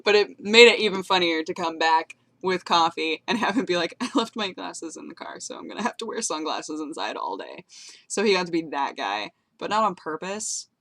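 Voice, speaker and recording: A woman's voice: lowish voice, lively intonation, moderate pace, fairly bright tone, no echo. A young woman vlogging to her viewers in a bubbly, rambling way, giggling as she tells a story. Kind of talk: casual chat to camera.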